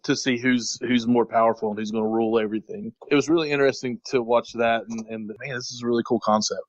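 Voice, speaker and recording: A man's voice: medium pitch, fairly even intonation, quick pace, dry recording, dull audio. A man co-hosting a podcast, chatting casually and joking about the story. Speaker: podcast co-host.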